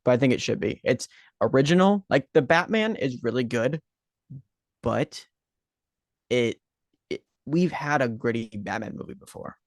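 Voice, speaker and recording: A man's voice: mid-range voice, expressive, normal speed, pauses often, no echo, studio quality. A man co-hosting a casual podcast, bantering playfully and sharing enthusiastic opinions. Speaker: podcast co-host. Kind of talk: casual chat.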